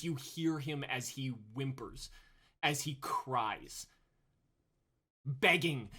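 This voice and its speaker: A man runs a tabletop game, narrating the scene slowly and deliberately. His voice is bright and clear, and his descriptions are vivid and dramatic, leaning into every image. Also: medium pitch. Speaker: game master.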